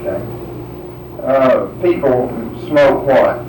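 A man's voice: mid-range voice, takes it slowly. Guy asking survey questions, lots of uh's, roomy distant sound, bit of hiss. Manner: hesitant, prompting with example sentences. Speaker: interviewer.

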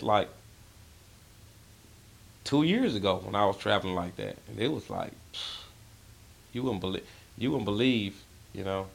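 A man's voice: medium pitch, vocal fry. A man, talking casually in an interview and rambling with lots of "you know" fillers. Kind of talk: casual interview about dialect.

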